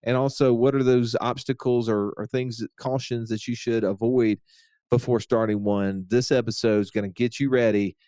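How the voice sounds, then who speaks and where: A man's voice: mid-range voice, steady tone, normal speed, dark tone, no echo, studio quality. A man hosting a podcast, introducing the episode in an upbeat, teasing, easygoing way. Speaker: podcast host. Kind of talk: casual podcast chat.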